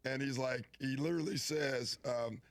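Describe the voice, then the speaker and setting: A man's voice: medium pitch, moderate pace, gravelly, over a noisy crowd. A former basketball player telling stories in an interview, laughing as he talks. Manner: laughing storyteller.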